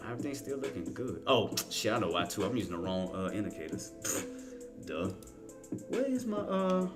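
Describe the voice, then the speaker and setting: A man giving casual, rambling live trading commentary, talking to himself, laughing often and using slang. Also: medium pitch. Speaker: stock trading streamer.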